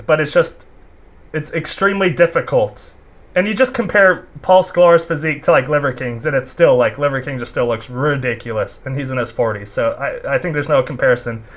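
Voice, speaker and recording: A man's voice: fairly high pitch, fairly bright tone. Blunt, sarcastic man reacting casually. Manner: sarcastic, blunt, swears freely. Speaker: commentary host.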